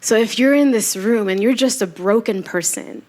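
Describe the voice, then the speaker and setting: A woman's voice: on the high side, normal speed, a little mellow. Woman preaching in a conversational style. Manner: conversational storytelling, acts out quotes. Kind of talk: sermon. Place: church.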